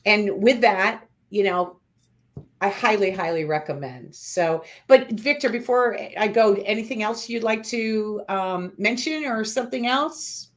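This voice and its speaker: A woman hosting a casual interview, asking quick-fire questions and laughing often. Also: mid-range voice, lively intonation. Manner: laughs often, upbeat and chatty. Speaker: host.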